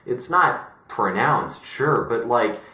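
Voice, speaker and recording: Man from Colorado, vlogger rant, emphatic and profane, mid pitch, echoey room. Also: lively intonation, slow, pushed and bright. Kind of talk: ranting monologue.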